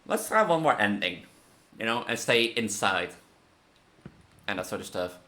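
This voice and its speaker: A man's voice: lowish voice, sing-song, unhurried, sharp tone. A man playing a horror game, nervously muttering about jump scares while he commentates. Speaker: gamer.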